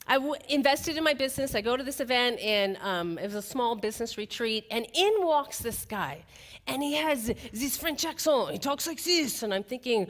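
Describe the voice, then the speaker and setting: A woman's voice: high-pitched, fairly bright tone. A woman giving a motivational keynote speech, telling a playful story to an audience.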